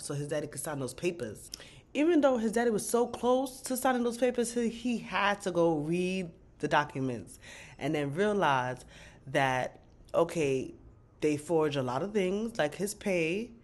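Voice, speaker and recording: A woman giving a casual, animated recap of a TV episode, slangy and profane, breaking into bursts of disbelief. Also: lowish voice. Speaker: TV recap vlogger.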